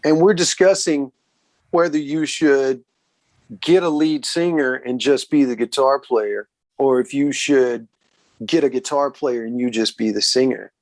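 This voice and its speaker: A man with a Southern US accent, a guest musician, telling road stories in a relaxed, casual way and often saying "man". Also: mid-range voice, a little slow, dry recording. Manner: relaxed, says "man" a lot, acts out quoted voices. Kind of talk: casual storytelling interview.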